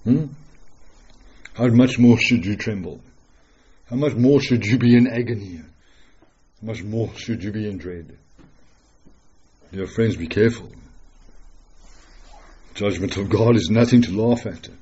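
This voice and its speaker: Earnest preacher, mellow husky voice. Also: male voice, fairly low pitch, unhurried, long pauses, dull audio. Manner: earnest, dramatic, rhetorical questions, swings between loud and hushed. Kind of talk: sermon.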